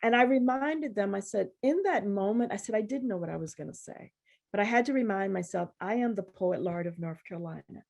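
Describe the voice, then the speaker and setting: Woman guest poet, gravelly voice, animated storyteller who acts out others' voices. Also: mid-range voice, a little fast. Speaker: guest poet at a university reading. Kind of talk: conversational storytelling.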